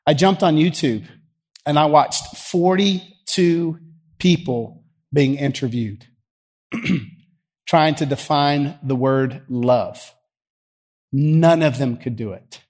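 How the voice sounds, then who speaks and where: A man's voice: on the high side, slow pace, pauses often, a little mellow. A man with a Southern US accent, a pastor leading prayer and preaching in a folksy, teasing, conversational way, worn out by allergies. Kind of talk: sermon and prayer. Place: church sanctuary.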